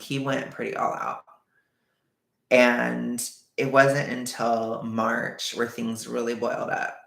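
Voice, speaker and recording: A man's voice: mid-range voice, creaky, pushed and bright. A man vlogger telling a personal story in a candid, emotional, rambling way. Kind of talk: storytime vlog. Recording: echoey room.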